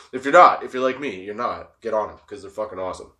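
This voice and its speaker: A young man hosts a podcast in a fast, pushed, bright voice of medium pitch. It's a casual stoner monologue: he rambles, swears a lot, and laughs often.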